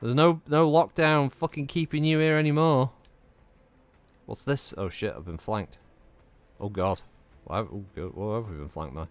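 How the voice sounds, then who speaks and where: Streaming a game, a man with a Northwest English accent keeps up sweary, meandering banter as casual commentary. He speaks at normal speed in a mid-range voice.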